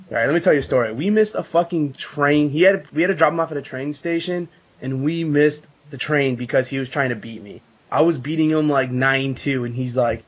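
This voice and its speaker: A man guest on a podcast telling a heated story in casual chat, swearing freely. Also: medium pitch. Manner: animated storytelling, swears a lot. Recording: dull lo-fi podcast audio.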